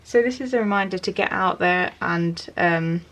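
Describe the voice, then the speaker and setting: A woman's voice: lowish voice, normal speed. Chatty woman giving a tarot reading. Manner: chatty, many fillers and restarts, gently encouraging. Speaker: tarot reader. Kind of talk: casual tarot reading to camera.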